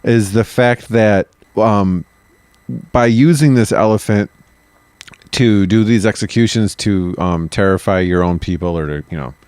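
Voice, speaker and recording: Low-voiced man trading blunt podcast banter. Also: a little mellow, clean tone, no echo. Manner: blunt, swearing, interjecting with quick reactions. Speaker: podcast co-host. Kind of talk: casual podcast chat.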